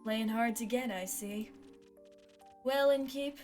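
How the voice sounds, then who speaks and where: A woman's voice: fairly high pitch, takes it slowly, a little mellow, soft background music. A woman reading the lines of a blunt, cynical lone-wolf adventurer woman from a fantasy tavern game, with a drifting Southern accent and a curt, terse delivery.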